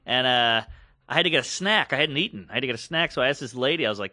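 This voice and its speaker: A man's voice: medium pitch, racing, dry recording, clean studio sound. A man co-hosting a podcast, telling a story in casual chat and acting out the voices of the people in it. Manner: animated storyteller who acts out quoted voices. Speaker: podcast co-host.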